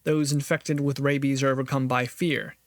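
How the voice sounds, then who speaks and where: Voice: mid-range voice, level tone, normal speed, no echo. A podcast host giving earnest, reflective solo commentary on a philosophy text, thinking aloud and restarting phrases often.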